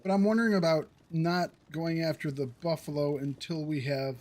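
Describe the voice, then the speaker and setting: A man's voice: on the high side, fairly even intonation, normal speed, darkish tone. A man streaming a survival game, chatting casually to his viewers and thinking aloud about his next moves. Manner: thinking aloud, talking to chat. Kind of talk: casual gameplay commentary.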